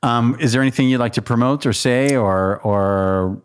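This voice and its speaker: A man's voice: mid-range voice, normal speed, smooth. A man hosting a podcast in a playful, encouraging way. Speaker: podcast host. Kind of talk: casual chat.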